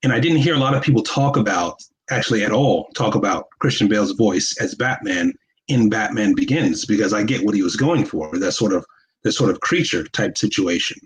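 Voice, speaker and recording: A man with a lowish voice chats about films, posing questions to his co-host. He stumbles and restarts his phrases as he thinks aloud. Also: lively intonation, fairly quick, slightly rough, rough recording. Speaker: podcast co-host. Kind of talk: casual movie discussion.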